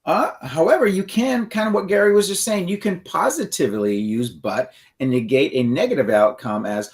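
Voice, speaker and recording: A man's voice: a little high, moderate pace, hardly any pauses. A middle-aged man co-hosting an instructional conversation, explaining with frequent restarts and checking in with "okay?". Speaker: co-host.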